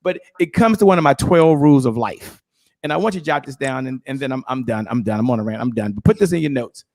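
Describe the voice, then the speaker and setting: As a guest speaker, a middle-aged man gives an energetic, emphatic motivational talk about sales, repeating his key phrases. He speaks fast at a medium pitch, and the sound is clean studio quality with no room sound.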